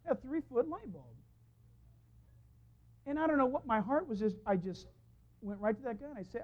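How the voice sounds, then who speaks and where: Animated man preaching, lively delivery. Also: very high voice, moderate pace, pauses often. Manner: animated storytelling, acting out quoted voices. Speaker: pastor. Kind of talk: sermon. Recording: dull lo-fi sound.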